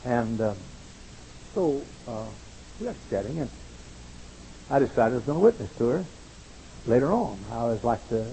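A man's voice: mid-range voice, very animated, normal speed, pauses often, dark tone, a little hiss or hum, low-quality recording. A man preaching a sermon to college students, pressing his points through emphatic repetition and slipping into rambling, self-mocking stories. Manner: wry, rambling anecdotes with self-mocking asides.

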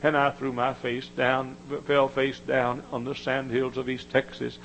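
A man preaching a sermon, with emphatic repetition and dramatic swings from hushed tones to shouting. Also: mid-range voice, completely flat delivery, a little slow, creaky, dull audio, slight background noise.

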